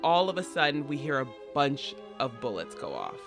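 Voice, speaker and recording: Give me a lively man recapping a story for his co-hosts, music in the background. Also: medium pitch, normal speed. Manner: lively, conversational. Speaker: podcast co-host.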